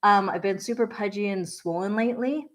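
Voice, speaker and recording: A woman vlogger talking casually and candidly, rambling with fillers and soft laughs. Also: medium pitch, fairly quick. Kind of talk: candid casual vlog talk.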